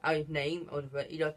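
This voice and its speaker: A channel host giving a casual, unscripted movie review, rambling with lots of fillers and restarts and giggling often between phrases. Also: medium pitch.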